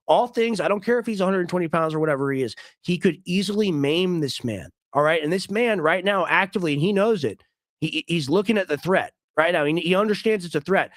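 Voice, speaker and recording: A man's voice: high voice, a little fast, no echo, studio quality. A man giving emphatic, argumentative commentary on a clip as a stream host, often repeating himself. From United States.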